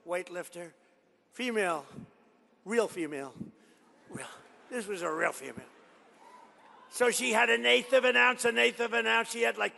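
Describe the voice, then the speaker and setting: Older guy in his 70s, raspy gravelly voice, kinda high, rambling rally speech in a big echoey hall. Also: sharp tone. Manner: rambling, boastful, digressive storytelling. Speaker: political speaker. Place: large college hall. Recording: reverberant hall sound.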